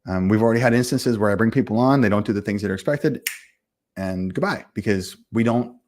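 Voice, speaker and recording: A man's voice: fairly low pitch, a little mellow. A man hosting a casual livestream and answering viewer comments about running games, in a blunt, self-assured, rambling way with lots of fillers. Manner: fast, rambling, full of fillers and restarts. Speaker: livestream host and game company owner.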